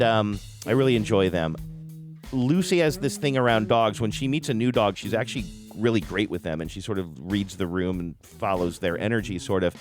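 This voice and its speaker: A middle-aged man hosting a podcast, telling a story in a casual, self-deprecating way and raising his voice when he quotes people. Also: fairly low pitch. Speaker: podcast host.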